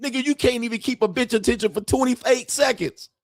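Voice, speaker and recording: Middle-aged guy going off on a profane boastful rant, pretty high voice, dry close sound. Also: brisk, no echo. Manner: brash, profane and boastful, laughs at his own jokes. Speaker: online show host. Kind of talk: ranting commentary.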